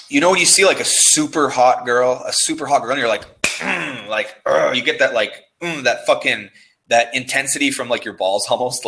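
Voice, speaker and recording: A man's voice: medium pitch, pushed and bright, rough recording. A man being interviewed about copywriting, talking in a loose, profane, restless way and often restarting his words. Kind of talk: casual conversation.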